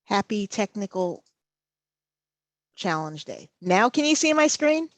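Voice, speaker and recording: Slow, halting woman presenter on a call. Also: mid-range voice, sing-song, no room sound. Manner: slow and halting, checks in with "okay". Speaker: guest safety presenter. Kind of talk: live webinar training presentation. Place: remote video call. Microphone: computer mic over video call.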